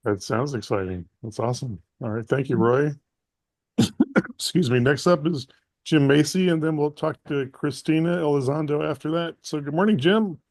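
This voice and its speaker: A man's voice: a little high, moderate pace, a little mellow, no echo. Jovial man hosting, dry close sound. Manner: jovial, joking. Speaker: meeting host. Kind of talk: hosting a networking meeting.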